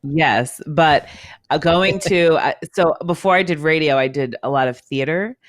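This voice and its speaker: A woman's voice: low-pitched, unhurried, dry recording. Chatty woman radio host, dry sound. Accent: none, trained neutral broadcast speech. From East Coast of the US. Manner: chatty and animated, laughs often, trained broadcaster delivery. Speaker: radio host, podcast guest. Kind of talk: casual podcast conversation.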